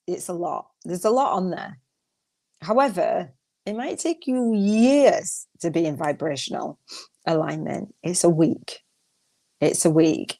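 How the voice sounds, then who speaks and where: A woman's voice: low voice, a little mellow. An older woman hosting a solo coaching podcast, chatty and emphatic, often repeating her phrases and laughing as she talks. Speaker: podcast host.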